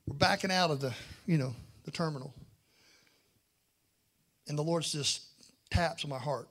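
A man, a pastor, telling a humorous personal story in a sermon, animated and self-mocking, acting out the dialogue. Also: a little high, a little fast.

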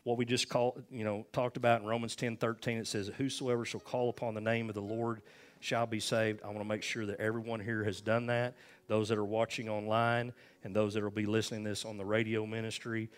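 A man's voice: fairly low pitch, little pitch movement, brisk. An older man, a pastor, closing his sermon with a folksy story, acting out the voices in it, then leading a prayer. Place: church sanctuary.

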